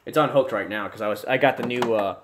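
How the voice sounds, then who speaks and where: A young man casually chatting to his livestream viewers from a room at home, rambling, restarting sentences and breaking into excited bursts. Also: medium pitch, fast, noisy background. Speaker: livestream host. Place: home room with desk and gear.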